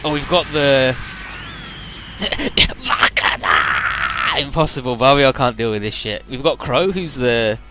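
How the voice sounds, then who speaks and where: A man's voice: mid-range voice, moderate pace, few pauses, a bit bright, soft background music. A young man hosting a let's play, rambling jokily through the story, swearing and summing up the characters. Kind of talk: casual game commentary.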